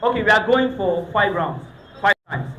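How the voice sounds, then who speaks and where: A Nigerian man emceeing a youth gathering, his voice high and bright as he teases the audience and slips into pidgin and Yoruba. He talks into a handheld mic, and the sound bounces around an echoey hall. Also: expressive, normal speed, lo-fi sound, slight background noise. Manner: teasing, mixes pidgin and Yoruba, calls out to crowd. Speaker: event host, master of ceremonies. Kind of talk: lively emcee banter with audience. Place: event hall. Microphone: handheld microphone.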